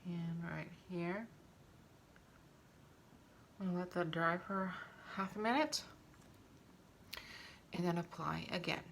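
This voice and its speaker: A woman's voice: lowish voice, takes it slowly, gravelly, pauses often, slight background noise. A woman chatting casually through a makeup tutorial at home, talking while she applies it. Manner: chatty, relaxed, talks while applying makeup.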